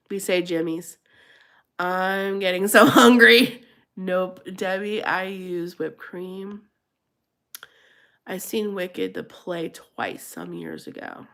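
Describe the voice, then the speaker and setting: A woman's voice: mid-range voice, fairly bright tone. A woman from Pennsylvania hosting a casual live chat, reading and answering viewer comments and laughing often. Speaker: live stream host.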